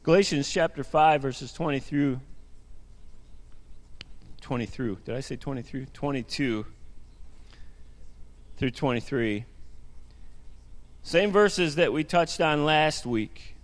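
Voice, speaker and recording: A man preaching and praying as a pastor, earnest and halting, his voice scratchy from a cold. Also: medium pitch. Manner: earnest, halting, restarts phrases. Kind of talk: sermon with prayer. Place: church sanctuary. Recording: long hall reverb.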